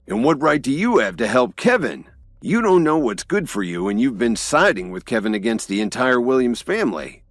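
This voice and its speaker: A man voicing an arrogant, threatening uncle who speaks proudly and loudly. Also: medium pitch, no echo, studio quality, pitched above the performer's own voice.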